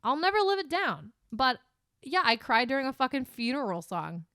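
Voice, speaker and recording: A woman's voice: sits high, very animated, moderate pace, a bit bright, no room sound, studio quality. A woman with a Californian accent co-hosting a casual podcast chat, rambling, swearing freely and laughing easily. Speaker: podcast co-host.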